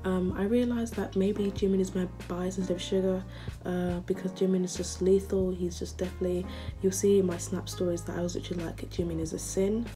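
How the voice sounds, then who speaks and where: A woman vlogger chatting casually and gushing like an excited fan. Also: on the low side, a little fast, music in the background. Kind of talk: casual chat.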